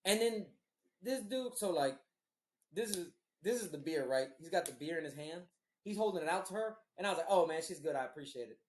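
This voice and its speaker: A man's voice: on the high side, a little fast, slight background noise. Profane man telling a story, roomy echo. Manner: profane, animated storyteller acting out quotes. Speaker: podcast host. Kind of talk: casual storytelling.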